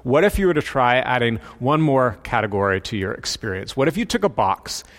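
A man voicing a calm pastor who speaks in a measured, inviting way. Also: mid-range voice, long reverb tail. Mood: gentle.

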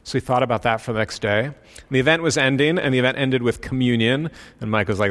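A male pastor telling a story in a sermon, in a relaxed, conversational way. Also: medium pitch, fast.

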